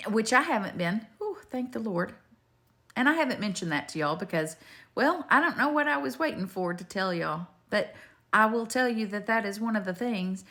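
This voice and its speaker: A woman's voice: on the high side, expressive, moderate pace, a bit bright. An older woman, talking straight to her viewers in a rambling, homespun faith video full of digressions. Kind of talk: rambling faith testimony to camera.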